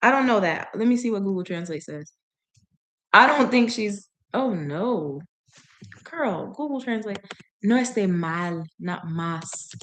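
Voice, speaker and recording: A chatty woman reads aloud slowly, breaking off to puzzle over words and laugh at herself. Her voice sits at an ordinary middle pitch and her talk is loose and unscripted. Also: lively intonation, a bit bright. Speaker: language learner reading aloud. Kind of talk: casual reading practice with commentary.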